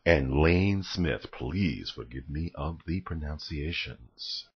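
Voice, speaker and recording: A man reading a children's storybook aloud, calm and careful. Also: very deep voice, takes it slowly, breathy edge, highs cut off. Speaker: reader.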